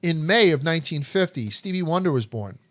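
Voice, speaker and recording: Male podcast host, slightly high voice, dry studio sound; blunt, profane, jokey storyteller. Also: animated, a little fast, a bit bright, no room sound. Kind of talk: casual history chat.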